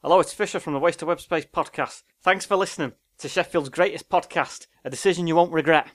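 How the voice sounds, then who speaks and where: A man's voice: a little high, quick pace, voice pushed up, close to an everyday voice. Man doing a Mancunian voice, casual read. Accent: Manchester. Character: man in a put-on Manchester accent.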